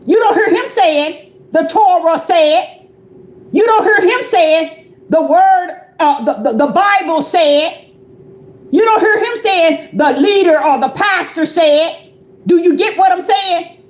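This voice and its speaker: A woman's voice: extremely high pitch, lively intonation, measured pace, echoey room. A woman preaching on a livestream, pressing her point with repeated rhetorical questions.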